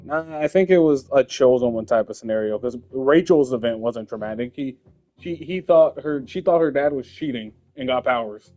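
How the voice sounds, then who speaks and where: A man's voice: mid-range voice, normal speed, warm tone, faint music behind. A young man hosting a casual, comedic chat, telling rambling stories full of swearing. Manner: crude, rambling storytelling with swearing. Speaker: host.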